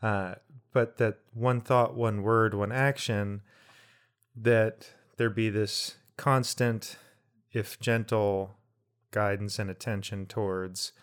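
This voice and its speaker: A man's voice: fairly low pitch, fairly even intonation, takes it slowly, clean tone. Reflective man musing with jokey asides. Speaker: podcast co-host. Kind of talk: casual conversational podcast.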